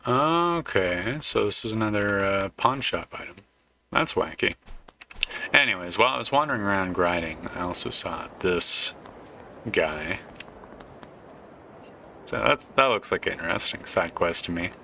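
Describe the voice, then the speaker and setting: A man's voice: sits low, animated, a little slow, vocal fry, long pauses, sharp tone, a little hiss or hum. A man commenting casually while playing a video game, cracking jokes and puns. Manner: jokey, punning commentary. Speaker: game player. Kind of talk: let's play commentary.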